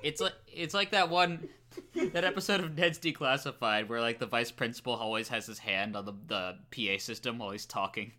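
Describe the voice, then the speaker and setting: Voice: mid-range voice, fairly quick, bright, forceful tone. A player at a tabletop game, casually joking and teasing. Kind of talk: casual chat.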